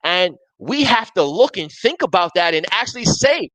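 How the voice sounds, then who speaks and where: Emphatic sports talk host, dry sound. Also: male voice, sits high, very animated, normal speed, few pauses, a bit bright, no room sound, low-quality recording. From Buffalo area, US. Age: 30s. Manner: emphatic, repetitive, restarts sentences. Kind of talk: live sports talk show, reading viewer comments.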